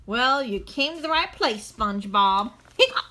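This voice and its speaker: Woman doing a perky Texan squirrel gal, drawling, bright and high. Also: animated, moderate pace.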